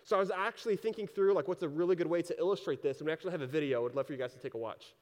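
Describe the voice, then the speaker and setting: A man's voice: on the high side, racing, long reverb tail. A man preaching a sermon in a casual, conversational way, retelling scripture in everyday speech. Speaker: pastor.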